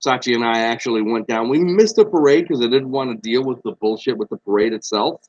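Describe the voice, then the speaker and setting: A man's voice: mid-range voice, fast talker, no echo, lo-fi sound. A young man co-hosting a podcast, laid-back and blunt, swearing freely in casual chat. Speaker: podcast co-host.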